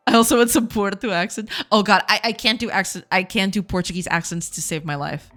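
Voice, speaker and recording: A woman's voice: medium pitch, brisk, fairly bright tone, soft background music. A woman streaming game development live, chatting casually with her viewers, laughing often and repeating herself in a self-deprecating way.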